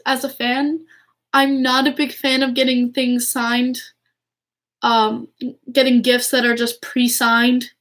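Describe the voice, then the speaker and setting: A young woman with a fairly high voice talks casually to her viewers as a hockey fan vlogger. She is excitable and gushing, tripping over restarts and fillers as she goes. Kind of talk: casual chat to camera.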